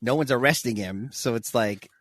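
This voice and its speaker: A man who is a guest on a podcast, easygoing and quick to agree and laugh. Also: mid-range voice, a bit bright, no echo. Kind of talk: casual chat.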